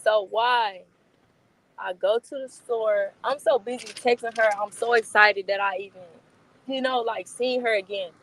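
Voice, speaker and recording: A young woman in a casual interview, telling stories about a close friend in a lively, slangy way and laughing often. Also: fairly high pitch, unhurried, low-quality recording.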